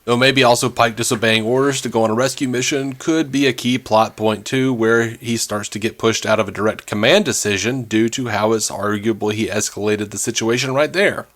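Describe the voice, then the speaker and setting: A man talks casually on a podcast, reading listener comments aloud and joking between them. His voice sits at an ordinary middle pitch, and he laughs easily. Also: fairly even intonation, brisk, few pauses, fairly bright tone. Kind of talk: casual chat.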